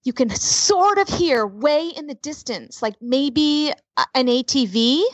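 A fairly high-voiced woman tells a story in casual chat, animated and blunt, with swearing. Her voice is close and dry. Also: measured pace, no echo, lo-fi sound. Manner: vivid, swearing, animated retelling. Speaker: podcast co-host telling a story.

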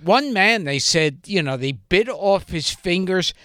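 A man co-hosting a podcast, talking in a halting way with many repetitions and restarts. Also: high voice, lively intonation, sharp tone, no echo, clean studio sound. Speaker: podcast host. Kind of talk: casual interview chat.

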